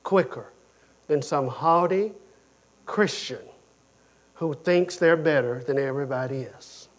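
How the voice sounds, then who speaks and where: In a fairly high, slow voice, a preacher relates stories with animation throughout his sermon. He returns to the same words often, rising to loud emphasis and then dropping quiet.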